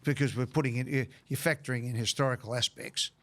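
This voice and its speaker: An Australian man hosting a sports radio segment, briskly leading the talk through a list of teams in casual banter. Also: mid-range voice, fairly even intonation, fairly bright tone. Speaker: radio host.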